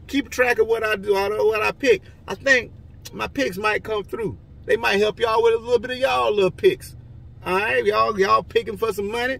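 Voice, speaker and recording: A man casually rambling through his football picks, joking and swinging between loud and quiet. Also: brisk, vocal fry, distant mic. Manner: rambling, joking, lively swings in pitch and loudness. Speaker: vlogger giving football picks.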